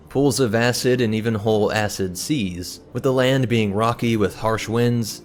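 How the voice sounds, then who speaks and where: A man hosting a lore channel, giving brisk, informative scripted narration. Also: mid-range voice.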